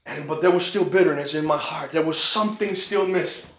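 A man preaching a sermon, telling a personal story with animated delivery and acting out the other people's lines. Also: a little high, brisk, reverberant. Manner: animated storytelling, acts out quoted voices. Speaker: pastor. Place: church.

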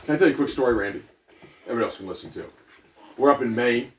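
Preacher man, lively pitch, echoey hall. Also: rapid-fire. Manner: conversational, asks the congregation questions. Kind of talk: sermon with a storytelling aside. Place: church hall. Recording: echoey hall, mic at a distance, faint noise.

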